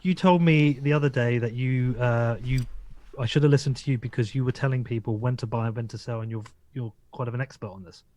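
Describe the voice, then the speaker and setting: A man's voice: mid-range voice, fairly even intonation, quick pace, a little mellow, highs cut off. A man hosting a livestream interview who presses his guest with the same questions again and again and stammers as he pushes. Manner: insistent, repeats questions, stammers. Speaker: host.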